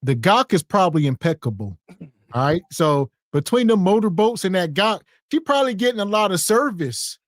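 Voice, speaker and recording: A man co-hosting a podcast, giving slow, preachy commentary on street interview clips. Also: high-pitched, big pitch swings, dry recording. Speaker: podcast co-host. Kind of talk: casual reaction commentary.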